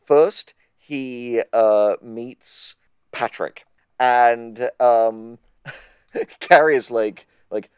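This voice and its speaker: A man at a mid-range pitch recaps a cartoon episode for a comedy podcast. He rambles, laughs and slips into quick voices for the characters. The sound is dry and close to the mic. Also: smooth, dry recording.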